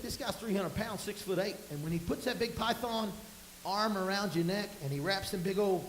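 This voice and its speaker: Pastor, high voice, folksy sermon, booming room with faint hiss. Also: male voice, a bit bright, echoey room, rough recording. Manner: folksy storytelling, rising to emphatic bursts. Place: church sanctuary.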